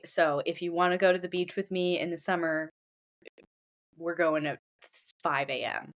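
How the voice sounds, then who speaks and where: A woman in her thirties, a podcast co-host telling a lively story in casual chat, putting on the voices of others. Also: on the low side, moderate pace.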